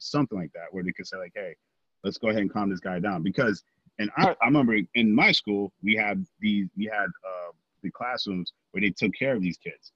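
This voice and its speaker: A man's voice: fairly low pitch, brisk, fairly bright tone, husky, no echo, highs cut off. A man co-hosting a podcast, talking earnestly in a casual discussion, with lots of fillers and restarts. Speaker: podcast co-host.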